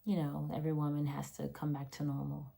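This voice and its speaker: A woman's voice: low voice, monotone, fairly quick, vocal fry, dark tone, slightly rough. A woman and mother of three telling her own story into her phone's front camera, emotional and earnest, repeating phrases for emphasis. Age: adult, mother of three. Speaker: vlogger sharing a personal story. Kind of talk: personal testimony vlog.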